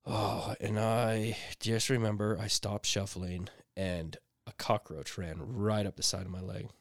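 A man's voice: lowish voice, measured pace, no room sound, clean studio sound. Laid-back man telling a story. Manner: animated, acts out voices, laughs often. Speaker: podcast co-host. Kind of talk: casual storytelling chat.

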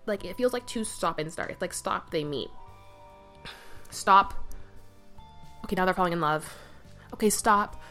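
Young woman, solo podcast host, rambling casual chat, filler-heavy, self-interrupting, mic on knee, sitting on bed, faint background music. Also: fairly low pitch. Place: sitting on her bed at home. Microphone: mic balanced on her knee.

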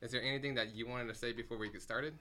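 A man hosting a casual podcast, upbeat and quick to laugh, often stumbling over and repeating words. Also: mid-range voice, fairly even intonation, pushed and bright. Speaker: podcast host.

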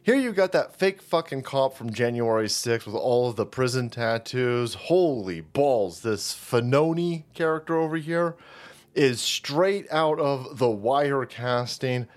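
A man's voice: mid-range voice, lively intonation, measured pace. A man hosting a commentary show, delivering a foul-mouthed, mocking political rant.

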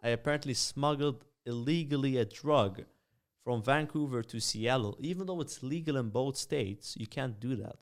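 A man's voice: medium pitch, moderate pace. Rambling young man telling stories. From Malta. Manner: rambling, filler-heavy, animated anecdotes. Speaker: podcast guest, streamer. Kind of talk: casual storytelling.

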